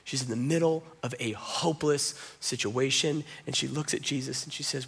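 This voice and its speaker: A man's voice: medium pitch, normal speed, vocal fry, fairly bright tone, husky. A man preaching a sermon, talking conversationally and with strong emphasis, often acting out quotes. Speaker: pastor.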